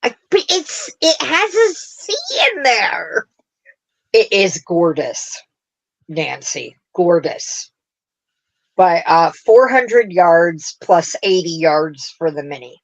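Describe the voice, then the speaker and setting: A woman's voice: lowish voice, low-quality recording. A woman hosting a craft livestream, chatting in a rambling way and laughing often as she talks to viewers. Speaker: craft show host. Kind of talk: casual livestream chat.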